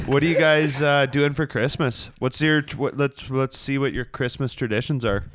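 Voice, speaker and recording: A man's voice: mid-range voice, steady tone, moderate pace, a bit bright, slight background noise. A man hosting a casual chat with friends, telling rambling stories and laughing often.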